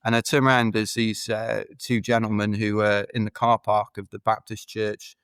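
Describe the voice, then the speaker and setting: Smooth, low-voiced man telling stories. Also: flat delivery, moderate pace, a bit bright, no room sound. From United Kingdom. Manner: rambling anecdotal storyteller, chatty with fillers. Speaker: podcast guest, ultra runner. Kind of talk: casual storytelling interview.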